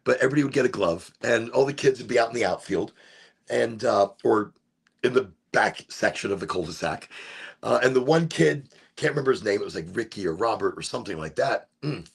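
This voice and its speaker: Man, middle-aged, from Chicago, husky, lively pitch, casual streamer storytelling. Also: fairly quick. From Chicago, USA. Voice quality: gravelly and husky. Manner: animated, rambling, swears, acts out voices with sudden shouts. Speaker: streamer hosting a smoke session.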